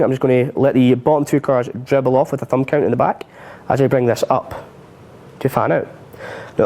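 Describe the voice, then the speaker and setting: A man's voice: mid-range voice, a little mellow. Chatty man teaching magic. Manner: chatty and self-mocking, laughs often. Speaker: magic instructor. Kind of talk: live-streamed magic tutorial.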